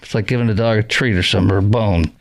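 A man's voice: lowish voice, fairly even intonation, racing, creaky. Sarcastic rambling male radio host. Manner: sarcastic, rambling, mocking asides. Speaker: radio talk show host. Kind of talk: opinionated talk radio monologue.

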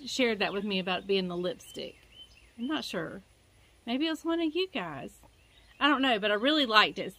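A woman's voice: mid-range voice, fairly bright tone. A woman chatting casually in a home-remodel vlog, rambling and correcting herself as she goes. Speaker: vlogger, pastor's wife. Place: outdoors at home.

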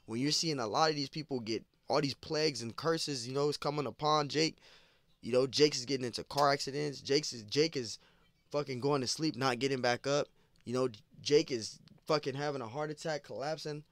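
A man's voice: medium pitch, fairly quick, fairly bright tone, no room sound. A man giving an informal scripture lesson, repeating phrases and peppering his talk with "man" and "you know.". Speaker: preacher.

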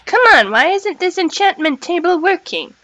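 A woman hosting her gaming channel, chatting casually and excitably with lots of giggles as she plays. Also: very high-pitched, normal speed, dull audio. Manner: excitable and giggly, exclaims at the game. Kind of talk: casual gameplay chat.

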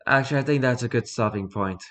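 A man's voice: medium pitch, fast talker, fairly bright tone. A man, a video game YouTuber, talking casually to his viewers as he wraps up a let's-play session.

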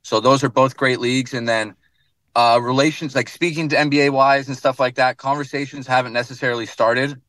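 A man's voice: mid-range voice, fairly even intonation, fairly quick, a bit bright, dry recording. Laid-back young American man, dry sound. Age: young adult. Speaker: guest basketball player. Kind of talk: radio interview from afar. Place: in his car.

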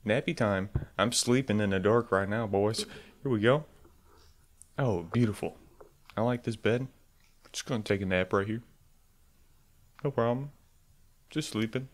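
A man playing a horror game on camera, swearing often and yelping loudly when startled. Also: on the low side, unhurried, long pauses. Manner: swears a lot, bursts into loud startled yelps. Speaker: let's play gamer.

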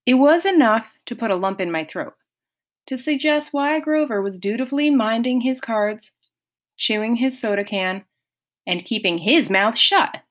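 A woman narrating an audiobook in a measured storytelling manner. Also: fairly high pitch, expressive.

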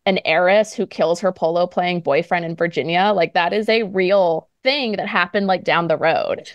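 A woman's voice: on the low side, moderate pace, dry recording, muffled recording. A woman guest author in casual podcast chat, chatty and laughing often, with many "like"s.

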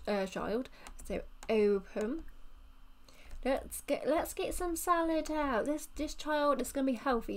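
A woman casually commenting on her game in a rambling, chatty way. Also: fairly high pitch. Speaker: let's play host.

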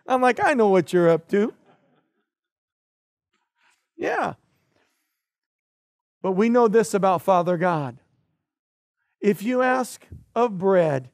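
A middle-aged man delivers a sermon from the pulpit in a notably high voice. He tells stories with lively energy, rising to loud bursts and dropping to quiet asides. The sound is dry and close, with little room reverb. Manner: animated storytelling, swinging from loud to hushed. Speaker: pastor. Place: church.

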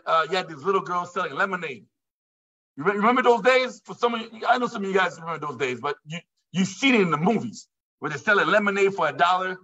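A man with a high, bright voice hosts a live sales pitch, joking and playing out his listeners' lines. He sounds distant and a bit dull, as from a lo-fi recording. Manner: playful, joking, quotes imagined listeners. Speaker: host of a live sales presentation.

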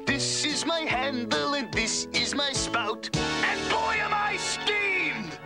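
Cool wisecracking cartoon dog; raspy, unhurried delivery. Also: male voice, extremely high pitch, big pitch swings, exaggerated voice. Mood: mock-outraged. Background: music.

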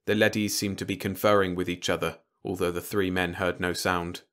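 A man with a lowish voice narrating an audiobook. His reading is even and steady, in the manner of scripted narration. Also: brisk.

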